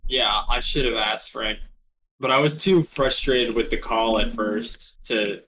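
A man of middle pitch co-hosting a casual podcast. He talks in relaxed, chatty bursts, jumping in with quick asides. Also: noisy background. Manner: chatty, quick asides about a rec-league baseball game. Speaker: podcast co-host. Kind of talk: casual chat.

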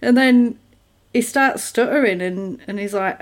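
A woman on a podcast, casually recapping a horror film and acting out the characters in quick quoted voices. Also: a little high. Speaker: podcast co-host.

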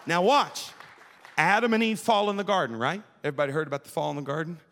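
A man's voice: on the high side, quick pace, a bit bright. A young man preaching a fervent youth sermon at a church service, calling on the crowd to answer back in a rhythmic preaching cadence. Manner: fervent, call-and-response with the crowd. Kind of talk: Pentecostal-style sermon. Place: church sanctuary at an evening service. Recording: long reverb of a large hall.

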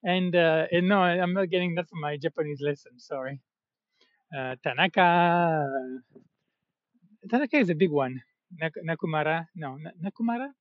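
A man's voice: fairly high pitch, moderate pace, dry recording. A man talking in a rambling, casual monologue, full of fillers and self-corrections. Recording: dull, slightly muffled, dry sound.

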